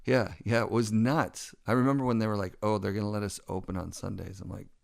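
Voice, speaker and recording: Middle-aged podcast host, gravelly low voice, dry close mic, chatty. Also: male voice, no echo. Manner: lively storytelling, quick asides. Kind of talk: casual podcast conversation.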